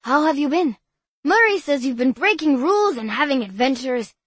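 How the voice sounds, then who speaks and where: A woman's voice: high voice, lively intonation, moderate pace, dry recording, voice pushed up. A woman voicing a sweet, overexcited young boy who gushes in a breathless, sing-song way. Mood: gushing.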